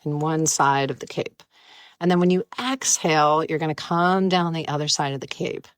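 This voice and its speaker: A woman with a low, grounded voice leads a guided breathwork session in an easy, playful way. She talks listeners through each inhale and exhale without hurrying. The sound is dry, with no room around it. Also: no echo. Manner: gentle, playful, unhurried guidance. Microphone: close mic, live stream.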